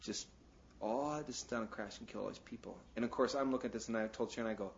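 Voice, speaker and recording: Here a pastor with a low-ish, creaky voice talks fast through a conversational sermon full of "you know" asides. He breaks into jokes and acts things out, and the dull, lo-fi audio carries a little hiss or hum.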